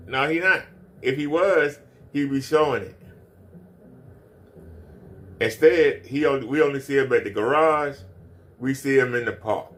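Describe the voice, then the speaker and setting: A man's voice: medium pitch, unhurried, long pauses. Man ranting in a mocking, repetitive way. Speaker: commentary streamer. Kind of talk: ranting commentary.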